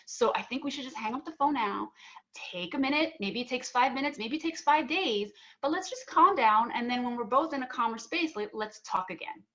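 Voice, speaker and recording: A woman's voice: on the high side, a little fast, highs cut off. Earnest woman telling a personal story. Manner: earnest, animated, acts out both sides of arguments. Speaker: panel speaker.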